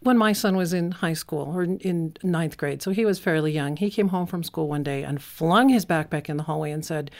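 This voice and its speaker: A woman's voice: low voice, a little fast, few pauses, a little mellow. A woman guest on a parenting talk show, telling stories and acting out what parents say. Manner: tells stories, acts out parent and child lines. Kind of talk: interview conversation.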